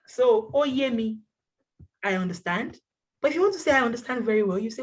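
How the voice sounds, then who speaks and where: A woman's voice: on the high side, expressive, moderate pace, breathy edge. A woman teaching an online language class over a video call, encouraging her students and repeating words for them to copy.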